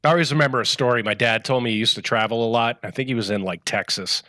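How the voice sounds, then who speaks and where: Bright-voiced crude New co-host. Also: male voice, mid-range voice, fast talker, dry recording, studio quality. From Rhode Island. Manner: crude and scornful. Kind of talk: casual live-stream chat.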